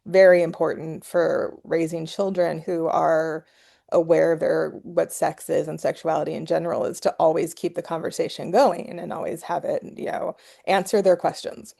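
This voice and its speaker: A woman's voice: deep voice, little pitch movement, moderate pace, vocal fry, dark tone. A middle-aged woman, a psychology professor guest, telling chatty stories in a casual podcast conversation. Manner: storytelling, chatty with laughs and restarts.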